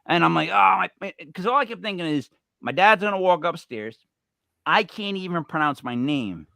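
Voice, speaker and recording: A man co-hosting a podcast, telling a rambling story with animated, voiced quotes. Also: high-pitched, normal speed, gravelly. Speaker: podcast co-host. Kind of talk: storytelling banter.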